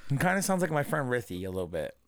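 A man hosts a podcast in casual chat. He tells stories with energy, swears, and acts out quotes. The sound is dry and close, at a middle pitch. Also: racing, dry recording. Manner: animated storytelling, swearing, acting out quotes. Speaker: podcast host.

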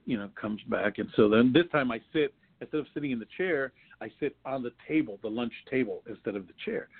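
A man's voice: medium pitch, slightly rough. A man, an actor guest, telling rambling anecdotes in a casual interview, full of restarts and laughs. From New York. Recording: tinny phone-like line.

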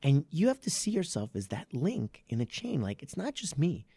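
A man with a gravelly, slightly creaky voice talks martial arts on a podcast, rambling and correcting himself, then picking up energy when he drives a point home. The sound is dry and close, with no room in it. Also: a little high, huge pitch swings, normal speed, mellow, no echo. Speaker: martial arts academy owner and podcast host. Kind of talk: casual podcast chat.

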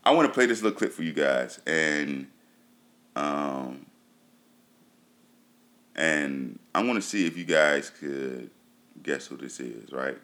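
A man's voice: very deep voice, lively intonation, slow, long pauses, a bit bright. A man casually reviewing TV shows for his viewers. He talks loosely, with lots of fillers, and repeats himself for emphasis. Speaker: TV show reviewer.

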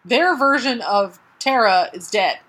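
Woman, podcast co-host, bright voice, dry, blunt, casual comic chat. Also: a little high, lively intonation, a little slow, slightly rough, poor audio.

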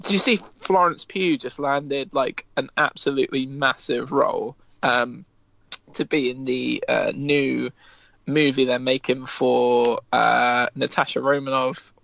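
A man co-hosting a podcast in casual chat, enthusiastic and animated, swearing freely. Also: medium pitch, measured pace, creaky, no room sound. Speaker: podcast co-host.

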